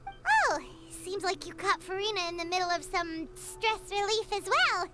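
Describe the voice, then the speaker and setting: A woman's voice: very high-pitched, very animated, normal speed, very noisy. A woman voicing a tiny, chatty fairy-girl companion in a video game who talks about herself in the third person. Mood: chirpy curious. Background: game music.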